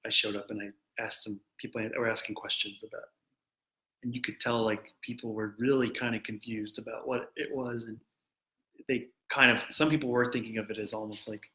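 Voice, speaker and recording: A man, a guest artist and animator, chatting casually on a live stream, with many halting restarts. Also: fairly low pitch, fairly even intonation, pushed and bright, poor audio. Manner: halting, restarts often, easygoing.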